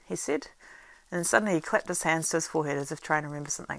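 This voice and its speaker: A woman reading a story aloud as narrator, at a steady pace with small slips and restarts. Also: sits low, fast talker, gravelly, no echo, low-quality recording.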